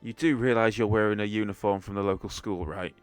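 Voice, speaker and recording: A man voicing a gruff, blunt half-orc barkeeper in a tabletop game, with a deep voice over faint background music. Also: fairly even intonation, brisk, lightly acted. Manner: blunt, loud, suspicious.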